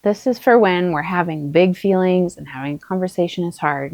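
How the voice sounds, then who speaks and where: A middle-aged woman, a mother, talking to camera in a calm, earnest and encouraging way as she shares parenting advice. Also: on the low side, moderate pace, creaky, hardly any pauses, dry recording. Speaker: parenting vlogger, mother of many. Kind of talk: casual spoken advice to camera.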